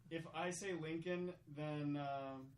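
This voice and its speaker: A young man chatting casually as a podcast guest, easygoing and quick to react. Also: a little high, fairly even intonation. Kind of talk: casual chat. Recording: roomy, faint background hiss.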